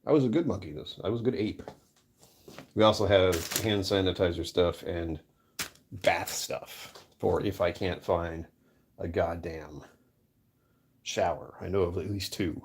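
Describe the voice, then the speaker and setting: Here a man with a low-pitched voice speaks unhurriedly, leaving long pauses, with a little hiss or hum in the audio. He's casually answering his live-stream chat, joking around and mocking himself.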